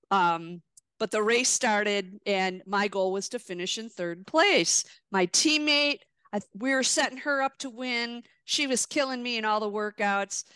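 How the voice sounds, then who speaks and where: Bright crisp woman, tells stories lively, acts out her reactions. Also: mid-range voice, no echo. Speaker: guest, retired wheelchair racer. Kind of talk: storytelling in a podcast interview.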